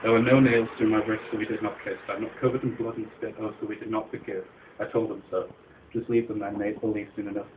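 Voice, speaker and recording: A man's voice: on the low side, fairly even intonation, fairly quick, background noise. A man performing his own poetry live in a dramatic, incantatory way, repeating refrains, on a muffled recording. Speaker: poet.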